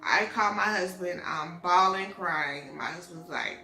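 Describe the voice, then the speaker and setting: A woman's voice: fairly low pitch, unhurried. A young woman emotionally retelling her pregnancy story in a casual vlog, acting out the dialogue as she goes. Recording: echoey room with faint music.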